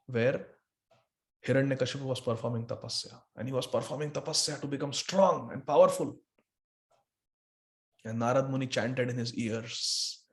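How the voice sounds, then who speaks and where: A man teaching a scripture class, telling the story in an animated, dramatic way. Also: mid-range voice. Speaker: preacher.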